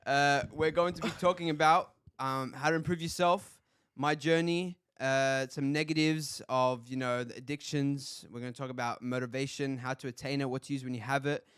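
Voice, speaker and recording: A man's voice: medium pitch, fairly even intonation, normal speed, a bit bright, smooth, no echo, clean studio sound. A young man hosting a casual podcast, upbeat and easygoing, talking with lots of fillers. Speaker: podcast host.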